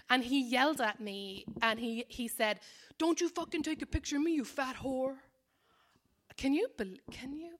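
A woman's voice: a little high, pushed and bright. A woman in her thirties with an Irish accent, telling a rambling, self-deprecating stand-up story full of fillers and asides. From Ireland. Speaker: comedian. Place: New York.

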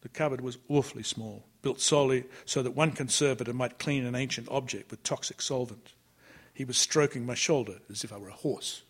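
A man narrating a literary novel in the first person, measured and often sinking to a hush. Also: medium pitch, slightly rough. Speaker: audiobook narrator.

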